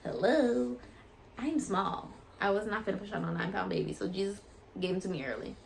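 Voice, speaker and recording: A woman vlogger casually telling a personal story in a chatty, animated way, acting out what people said. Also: medium pitch, a little fast, creaky, a crowd in the background. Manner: chatty and animated, acts out quoted voices.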